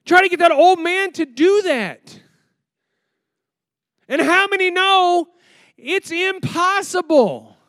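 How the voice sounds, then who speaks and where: A man with a high-pitched voice preaches a sermon, throwing question after question at his listeners. He jumps from loud, emphatic lines to low, hushed asides. The sound is close and dry, with no room echo. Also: slow, long pauses. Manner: preaches with rhetorical questions put to the congregation. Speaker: pastor.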